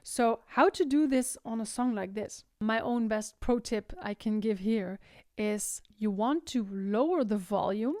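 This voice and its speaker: Here a young singing teacher from the Netherlands, Dutch Limburg accent and all, teaches vocal technique through explanation and sung demonstrations, regularly asking "right?". Her voice is medium in pitch, slightly mellow and measured in pace, recorded in a clean studio without room sound.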